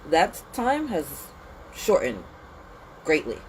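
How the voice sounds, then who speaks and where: A woman hosting a casual spiritual pep talk outdoors in the cold, animated and slangy, sniffly with a runny nose. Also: on the low side, takes it slowly, slight background noise, poor audio. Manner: animated, slangy and conversational, with lots of "like" and "you know". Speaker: spiritual reader and channel host.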